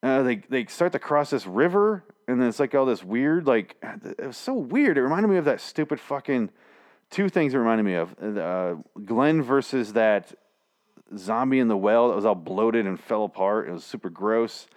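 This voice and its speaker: A man's voice: mid-range voice, lively intonation, moderate pace, a little mellow. A man hosting a casual, rambling TV episode recap, full of swearing and restarts. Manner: profane, rambling, frequent restarts.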